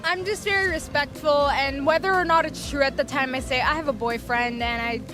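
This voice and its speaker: A woman's voice: high-pitched, steady tone, a little fast, over music. A young woman answering interview questions matter-of-factly.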